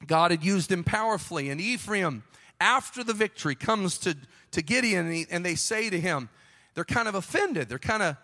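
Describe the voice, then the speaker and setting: A man preaching a Pentecostal sermon with a fervent, rhythmic delivery that builds to shouting. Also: high voice, lively intonation, moderate pace, long reverb tail. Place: church sanctuary.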